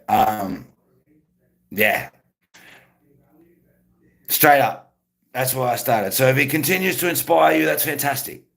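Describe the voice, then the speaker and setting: A man's voice: medium pitch, gravelly, fairly bright tone. A man, rambling casually to his live-stream chat and greeting viewers by name.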